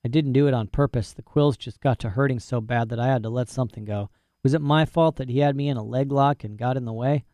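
A man's voice: mid-range voice, fast talker, warm tone, no echo. Folksy male storyteller, dry sound. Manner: folksy, boastful, rural dialect grammar. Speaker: audiobook narrator. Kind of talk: first-person storybook narration.

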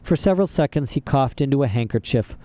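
A man's voice: mid-range voice, expressive, fast, dark tone. A man reading a storybook aloud as narrator, with dry, wry asides. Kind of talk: audiobook narration.

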